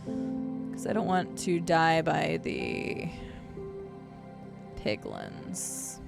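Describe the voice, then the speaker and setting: Woman streamer, casual chat, very animated pitch, laughs a lot. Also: very slow, gravelly, loud music behind the voice. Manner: chatty, laughs often, talks to chat and players.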